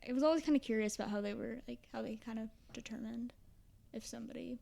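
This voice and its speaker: A woman chatting casually on a podcast, speaking softly and hesitantly and laughing often. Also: fairly high pitch, fast talker, creaky. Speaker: podcast co-host. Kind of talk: casual chat.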